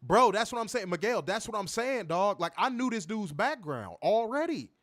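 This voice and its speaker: A young man co-hosting a wrestling review livestream, reading chat comments and trash-talking in a profane, animated way. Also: high-pitched, normal speed, dry recording. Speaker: wrestling podcast co-host.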